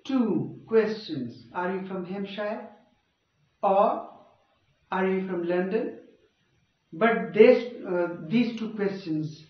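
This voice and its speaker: A man giving a grammar lecture in a classroom, often stopping to check that listeners follow. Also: sits high. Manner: checks understanding with frequent rhetorical prompts. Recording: echoey, dull room sound from far off.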